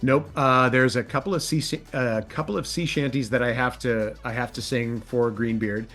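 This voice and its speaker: A man who narrates audiobooks, chatting in an interview in a lively way, his voice jumping up when excited. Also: moderate pace, faint music behind. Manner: animated, pitch jumps when excited. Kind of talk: casual interview chat.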